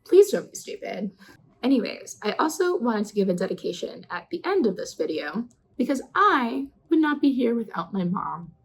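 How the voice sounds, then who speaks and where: A woman in her twenties talking casually to the camera in a personal vlog, chatty and earnest, her questions rising with excitement. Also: a little high, moderate pace, a little hiss or hum, poor audio. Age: 20s. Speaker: vlogger.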